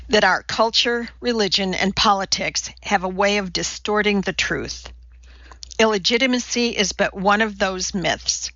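A woman voicing a calm, blunt male minister in an audiobook, speaking frankly and plainly. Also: medium pitch, no echo, highs cut off. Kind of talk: audiobook character reading.

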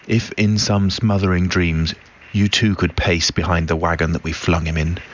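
A man reciting a war poem in a grave, deliberate reading. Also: deep voice, flat delivery. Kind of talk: poetry recitation. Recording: dull recording with faint noise.

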